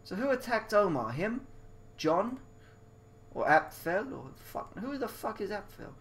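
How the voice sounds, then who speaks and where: A man's voice: high voice, big pitch swings, a little slow, a bit bright, a little hiss or hum. A man reading a mystery game aloud with crude, confused, mocking asides. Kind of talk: casual game commentary.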